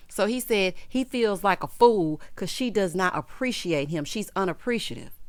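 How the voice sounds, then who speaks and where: A woman's voice: lowish voice, normal speed, hardly any pauses, dry recording. A woman giving a sassy, opinionated reality TV recap, acting out quotes in character. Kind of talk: casual recap commentary.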